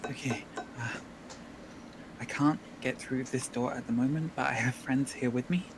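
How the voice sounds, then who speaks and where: A man's voice: mid-range voice, steady tone. Casual man playing a tabletop game, noisy background. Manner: casual, halting with fillers. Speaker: player.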